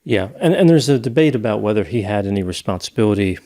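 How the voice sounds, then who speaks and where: Man, low voice, casual podcast talk, hedging, thinking aloud. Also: expressive, fast, mellow. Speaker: podcast co-host. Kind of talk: casual discussion.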